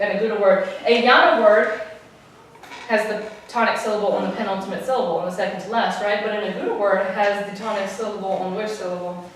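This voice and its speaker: Woman teaching in an echoey classroom. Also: fairly high pitch. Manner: asks the class questions, repeats key points. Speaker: Spanish teacher. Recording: roomy, distant classroom recording with noise.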